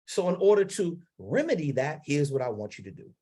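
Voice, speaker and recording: A man from Maryland coaching public speakers on a livestream, emphatic and blunt, with dramatic pauses and sudden swings from soft to loud, on a lavalier mic. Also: fairly high pitch, big pitch swings. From Maryland, United States.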